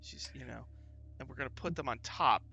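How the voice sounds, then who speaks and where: A man running a tabletop game as game master, narrating in a loose, halting way with many fillers. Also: medium pitch, creaky, pushed and bright, muffled recording, a little hiss or hum.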